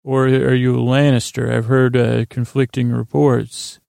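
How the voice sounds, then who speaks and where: Man, very gravelly voice, flat delivery, rambling casual recap, dry close sound. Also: mid-range voice, unhurried, no echo. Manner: meandering, full of fillers and restarts. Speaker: podcast host recapping a TV episode.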